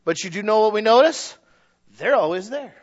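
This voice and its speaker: Preaching man, shouting then hushed. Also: lively intonation, normal speed, muffled recording. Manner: swings from loud shouting to quiet, low asides; acts out quoted voices of listeners. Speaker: pastor. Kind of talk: sermon.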